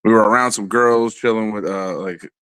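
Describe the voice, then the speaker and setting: A man telling a long, animated and profane story in a casual podcast chat. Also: fairly low pitch, moderate pace, clear, resonant tone, no room sound. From New York area.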